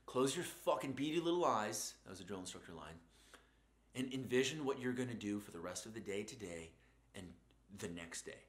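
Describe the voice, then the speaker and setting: Man, bright forceful voice, low-ish pitch, blunt profane motivational rant, echoey room. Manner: blunt, profane, heavy swearing, mocking asides. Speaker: host.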